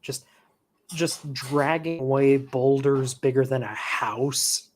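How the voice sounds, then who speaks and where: A man talking as a guest on a casual panel discussion, enthusiastic and quick to joke. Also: medium pitch, steady tone, slight background noise.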